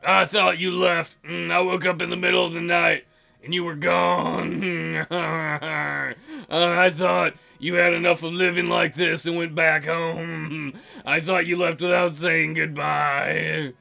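A clingy young prince from a dating-sim game, voiced by a man, tearful and pleading, his tone bright and forceful with a gravelly edge. He sounds desperate not to be left alone again. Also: fairly high pitch, little pitch movement, takes it slowly, soft background music, exaggerated voice. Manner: pleading, emotional.

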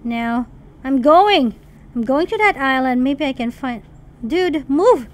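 A woman host talks through her game in casual, excitable commentary. Her voice sits high, and she keeps chattering to the characters on screen in a playful way. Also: slow pace. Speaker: mom gaming channel host.

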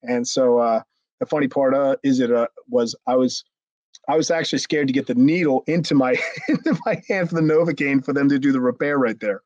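A man, a former wrestler, telling a story in a casual interview, animated and profane, acting out what others said. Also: medium pitch, brisk, dry recording, muffled recording. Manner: animated, acts out quotes with raised voice, frequent restarts and swearing.

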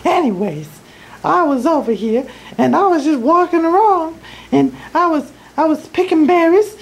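A woman's voice: high-pitched, lively intonation, moderate pace, poor audio. A woman voicing a bossy, sassy young village princess in an improvised comedy skit. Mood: storytelling. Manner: sassy and snappy.

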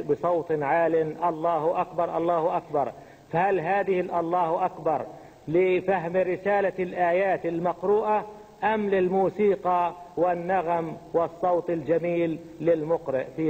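A man interpreting a religious lecture for an audience, keeping a quick, steady flow behind the speaker. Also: fairly high pitch, husky. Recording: tinny phone-like audio in a long-reverb hall.

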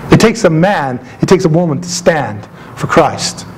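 A man preaching a sermon as pastor, emphatic and animated, with asides and jokes to his congregation. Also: fairly high pitch, moderate pace, a little hiss or hum, rough recording. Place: church sanctuary.

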